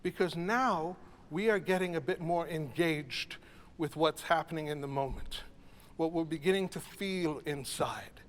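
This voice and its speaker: A man's voice: on the high side, measured pace. A man conducting a choral masterclass, coaching singers in an encouraging, reflective way. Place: rehearsal hall with a choir. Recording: reverberant hall, faint ambience.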